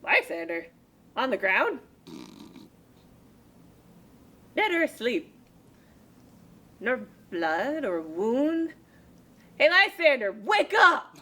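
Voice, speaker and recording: A woman's voice: fairly high pitch, sing-song, slow, pauses often, fairly bright tone, heavily acted. A woman playing an insecure, self-pitying young woman in love, emotive and exasperated, in an amateur Shakespeare reading. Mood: lamenting.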